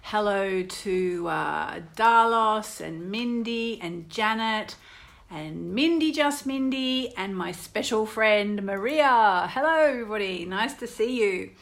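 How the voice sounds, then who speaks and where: A woman's voice: medium pitch, takes it slowly, gravelly. A woman with an Australian English accent, hosting an astrology radio show in a casual, chatty way and telling stories. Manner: chatty, storytelling, laughs often, animated.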